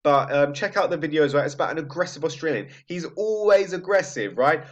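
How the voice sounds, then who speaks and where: A man's voice: on the high side, fairly even intonation, fast. Man teaching with a loose, chatty manner. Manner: conversational, frequent "right?" checks and restarts. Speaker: psychology teacher. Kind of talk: recorded lecture. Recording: slightly dull lo-fi audio.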